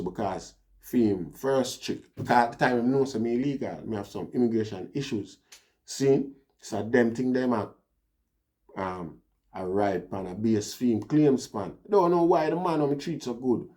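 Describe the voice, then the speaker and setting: In a lowish, slightly mellow voice, a Jamaican-accented vlogger recounts something personal. His monologue is casual and rambling, with "you know, see" cropping up often.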